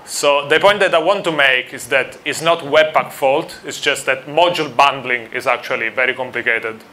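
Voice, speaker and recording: A man's voice: mid-range voice, moderate pace, bright, forceful tone, slight background noise. A man from Italy with an Italian accent, giving a friendly conference talk to a live audience and asking them questions. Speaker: conference speaker.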